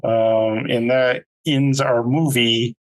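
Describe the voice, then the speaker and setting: A man's voice: medium pitch, fairly even intonation, slow pace. Man casually recapping a film. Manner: rambling recap with fillers and laughs. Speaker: podcast co-host. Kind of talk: casual movie review chat.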